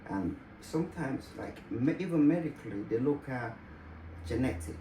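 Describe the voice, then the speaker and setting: A man's voice: medium pitch, expressive, moderate pace, dark tone. A man, the husband and co-host, chatting casually in a playful, teasing way. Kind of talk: casual family chat. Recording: roomy, distant mic, clear background noise.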